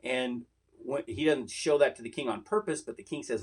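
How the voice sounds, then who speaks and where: Husky man teaching a casual Bible lesson. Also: mid-range voice, moderate pace. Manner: rambling, conversational, with asides.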